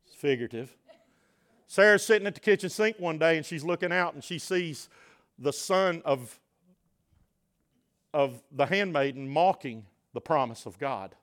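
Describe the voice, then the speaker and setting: A man preaching a sermon as pastor in a church, swinging between shouted passages and hushed, quiet asides. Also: fairly high pitch, clear, resonant tone. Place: church sanctuary.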